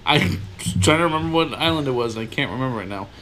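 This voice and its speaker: A man co-hosting a casual podcast, talking in quick, lively, rambling bursts. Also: medium pitch, a little hiss or hum. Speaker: podcast co-host.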